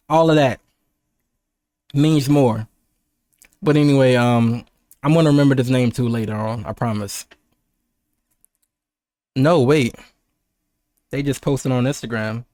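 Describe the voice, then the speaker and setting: A young American man in casual livestream chat, loose and rambling, often doubling back on his words. His voice sits at an ordinary middle pitch. The sound is close and dry, with no room around it. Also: steady tone, a little slow, pauses often, a little mellow, no room sound. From United States. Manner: rambling and laid-back, with frequent laughs and restarts. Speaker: streamer.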